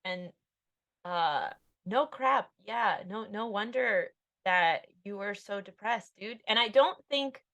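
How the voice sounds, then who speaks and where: A woman's voice: medium pitch, slow, a bit bright. Candid, rambling woman in her thirties. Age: 30s. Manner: rambling, self-deprecating, frequent fillers. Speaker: podcast guest, author. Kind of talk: candid conversational interview.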